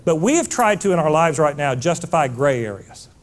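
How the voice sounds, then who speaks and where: Man, middle-aged, motivational speaker, preachy, lively swooping pitch, fairly high voice. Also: a little fast. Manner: emphatic, preachy, rising to near-shouts. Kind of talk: live motivational talk.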